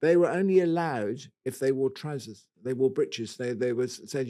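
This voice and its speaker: A man's voice: mid-range voice, moderate pace, few pauses, dark tone. A man co-hosting a gardening podcast, talking in a rambling, jokey, self-mocking way. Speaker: podcast co-host. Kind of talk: casual chat.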